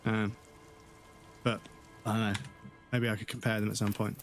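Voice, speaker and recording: A man's voice: fairly low pitch, flat delivery, moderate pace, soft background music. A man from the UK giving casual, rambling commentary while live-streaming a game, with many hesitations.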